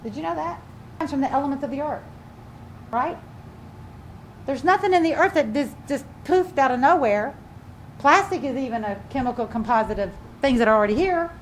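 A woman's voice: high-pitched, lively intonation, a little fast, pauses often, a little hiss or hum. Fervent older woman preaching a sermon. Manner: fervent, preaching with rising emphasis. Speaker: pastor.

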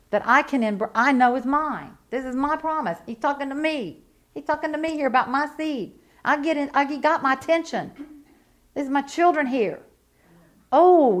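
Fervent higher-voiced woman preaching. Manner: fervent, rising to loud emphatic bursts. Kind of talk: sermon.

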